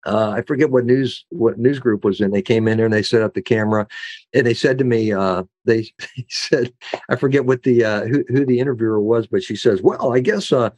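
Middle-aged man, interview guest, mid-pitched, rambling storyteller who stops, restarts and mimics the people he quotes. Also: brisk, a little mellow, no echo. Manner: rambling, many fillers and restarts, acts out quoted voices. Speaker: guest, former sheriff.

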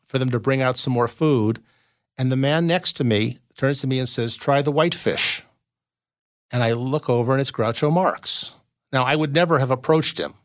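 A man's voice: mid-range voice, no room sound, studio quality. A man from Southern California spins long showbiz anecdotes as a podcast guest. He talks in a loose, rambling way, often restarting his sentences mid-thought. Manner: rambling storyteller with frequent restarts. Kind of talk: casual anecdotal chat.

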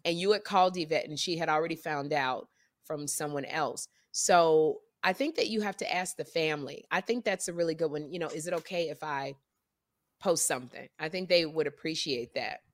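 A woman co-hosting a casual podcast chat, talkative and animated, often repeating and restarting her sentences. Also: low-pitched, brisk, no room sound. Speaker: podcast co-host.

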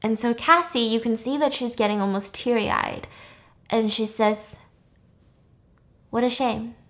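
A woman's voice: fairly high pitch, normal speed. Chatty young woman retelling a plot. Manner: chatty, animated, swears freely. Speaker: storyteller. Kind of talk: casual film plot recap.

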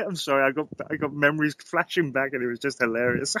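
A man's voice: mid-range voice, fast, hardly any pauses, sharp tone, no echo, low-quality recording. A man, a guest in a conversation, telling a long story with animation, often laughing and repeating words.

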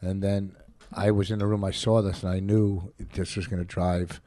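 A man's voice: low-pitched, little pitch movement, moderate pace, mellow. A man co-hosting a casual chat, bantering bluntly and teasing with plenty of profanity. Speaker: podcast co-host and comedian.

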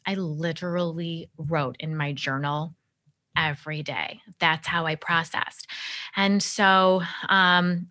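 A woman's voice: sits low, bright, forceful tone. A middle-aged woman, a guest on a podcast, telling her story in an earnest, reflective way. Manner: earnest, reflective, acts out quoted dialogue. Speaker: podcast guest, empowerment coach. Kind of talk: conversational interview storytelling.

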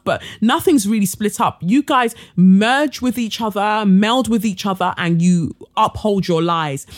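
Casting: outspoken London woman podcast host, blunt and fired up. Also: mid-range voice. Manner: blunt, indignant, swears freely. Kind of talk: ranting monologue.

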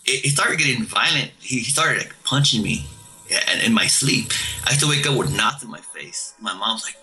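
A man tells his story with a very bright, sharp-edged voice that stays at an ordinary middle pitch. He talks casually and haltingly, stumbling over repeated words and starting lines again, while faint music plays underneath. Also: expressive, rough recording. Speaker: caller telling ghost stories.

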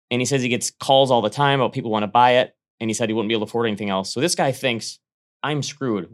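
Fast-talking man co-hosting a podcast. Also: mid-range voice. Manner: quick, animated, restarts mid-sentence. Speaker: podcast co-host. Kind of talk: casual finance chat.

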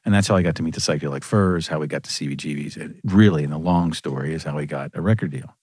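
A man hosting a casual conversation, animated and laughing as he tells long anecdotes about his music days. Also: extremely low pitch, fast talker, husky, no echo, studio quality.

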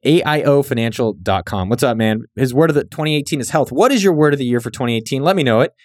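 A young man hosting a podcast, reading out listener names and riffing with quick jokes. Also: mid-range voice, expressive, no echo, studio quality. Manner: joking, riffing, quick asides. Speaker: podcast host. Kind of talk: reading listener shout-outs.

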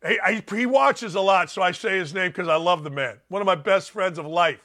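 An older male sports talk show host speaks in a high, bright voice at a brisk pace on opinionated sports radio. He's blunt and animated, telling stories and acting out the quotes.

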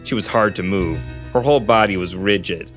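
Low-voiced man reading a story aloud. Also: a little fast. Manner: steady first-person narration, dry asides. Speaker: podcast host reading a novel aloud. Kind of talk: storybook reading with casual commentary. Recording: guitar music under the voice.

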